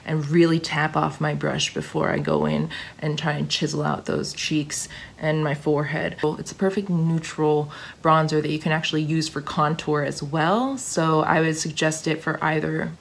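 Low-voiced, slightly hoarse woman. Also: expressive, normal speed. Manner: gushing, chatty, restarts often. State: slightly hoarse, getting sick. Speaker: beauty vlogger. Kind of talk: casual product review chat.

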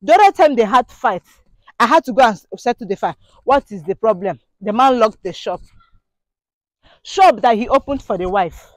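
A woman's voice: on the high side, expressive, normal speed, no room sound. A woman giving an indignant, preachy monologue to her viewers, full of rhetorical questions. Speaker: vlogger. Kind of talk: impassioned monologue to camera.

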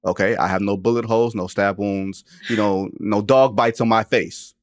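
A man in his forties talking sports on a podcast in a lowish voice, recorded close and dry with no room sound. He speaks emphatically, jokes, and leans into slang. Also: steady tone, normal speed, dry recording. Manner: emphatic, joking, drawls into slang. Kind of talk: casual sports chat.

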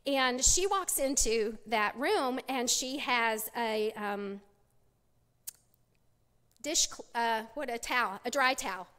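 A woman's voice: fairly high pitch, takes it slowly, a bit bright. A middle-aged woman giving a personal testimony at a church women's conference, storytelling with many restarts. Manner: storytelling, many restarts, acts out quoted voices. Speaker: conference speaker. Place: church sanctuary. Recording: long hall reverb.

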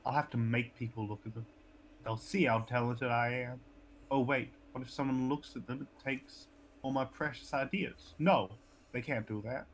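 A man's voice: medium pitch, fairly even intonation, normal speed, slight background noise, natural voice. A man voicing an anxious, possessive male artist in a put-on Southern American accent while reading a note in a game. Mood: fretful. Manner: fretful, clingy, muttering.

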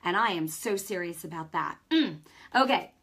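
A woman's voice: fairly low pitch, animated, moderate pace, fairly bright tone, breathy edge. A middle-aged woman hosting a Christian broadcast, preaching straight to viewers in a conversational, emphatic way. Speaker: host and Christian teacher. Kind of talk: preaching to camera.

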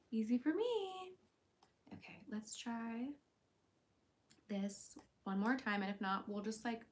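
A woman hosting a casual livestream, reading viewer comments aloud in a playful, chatty way. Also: slight background noise. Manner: jumps to a high baby voice when calling her cat. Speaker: livestream host.

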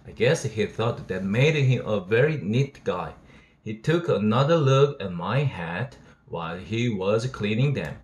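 A man's voice: fairly low pitch, animated, unhurried. A man, an English teacher reading a novel aloud steadily and voicing its dialogue. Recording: roomy echo.

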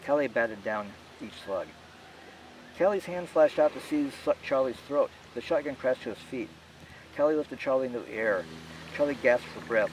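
A male author narrating his novel in a steady, measured reading. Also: mid-range voice, recorded from a distance, a little hiss or hum, low-quality recording. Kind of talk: audiobook narration.

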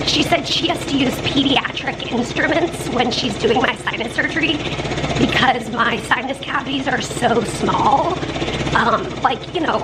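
A young woman talks casually to her viewers, sharing her worries in a chatty, open way. Her voice sits a little high. Loud background noise runs under the whole recording. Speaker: vlogger. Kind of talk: casual vlog chat.

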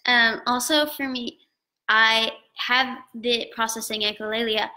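Woman guest, live-stream talk, earnest, thinks aloud, high bright voice. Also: fairly even intonation, a little slow, poor audio. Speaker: guest speaker.

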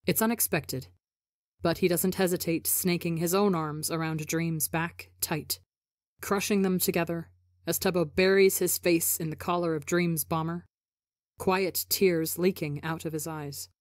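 A woman reading a story aloud for a podcast, measured and expressive. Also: on the low side, no echo, studio quality. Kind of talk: audiobook narration of fan fiction.

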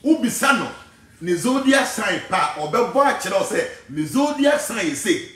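A man with a Ghanaian accent, giving an animated, preachy talk that wanders from point to point. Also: sits high, normal speed, very echoey, far from the mic. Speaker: spiritual teacher. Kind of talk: casual talk mixing English and Twi.

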